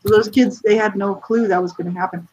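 A woman's voice: medium pitch, steady tone, fast, warm tone, slightly rough. A woman chatting casually, telling a story and giving brief encouraging replies. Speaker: conversation partner. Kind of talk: casual chat. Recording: dull lo-fi audio with faint noise.

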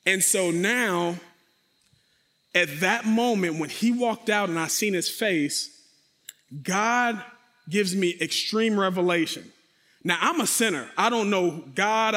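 A man with a fairly high voice tells a dramatic personal testimony. He speaks straight to his listeners and acts out sounds and voices as he goes. His voice rings with long reverb, as if in a large hall. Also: slow pace. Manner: animated, acts out sound effects and quotes; addresses the audience directly.

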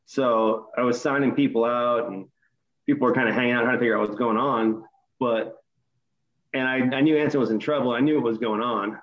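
A middle-aged man in casual chat, retelling a story with animated, profane energy. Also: mid-range voice, brisk, lo-fi sound. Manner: animated, profane retelling, voice rising in quoted outbursts.

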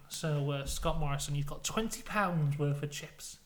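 A man telling an absurd story in a deadpan, mock-serious way, with ums and uhs. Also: on the high side, normal speed, hardly any pauses. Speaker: podcast co-host, storyteller.

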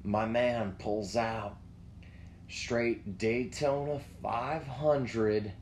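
A man's voice: mid-range voice, fairly even intonation, very slow, a little mellow, a little hiss or hum. A young man co-hosting a podcast, telling rambling, profane stories in casual chat. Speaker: podcast co-host.

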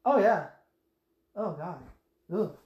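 A woman in casual chat, retelling movie scenes with lots of swearing and quick quoted voices. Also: on the low side, lively intonation, highs cut off, background noise. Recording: echoey room.

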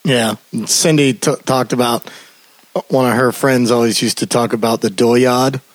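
A man's voice: mid-range voice, steady tone, normal speed, dry recording, poor audio. Dry, wry podcast co-host man. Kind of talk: casual chat.

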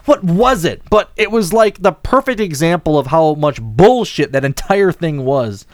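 Guy hosting a podcast, rambly and incredulous, kinda high voice. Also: animated, moderate pace, dry recording, clean studio sound. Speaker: podcast host. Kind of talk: casual chat.

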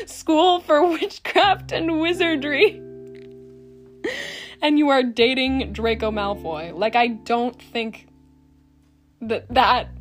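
A young woman hosting a casual solo podcast, ranting bluntly and sarcastically with lots of swearing and laughter. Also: on the high side. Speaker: podcast host.

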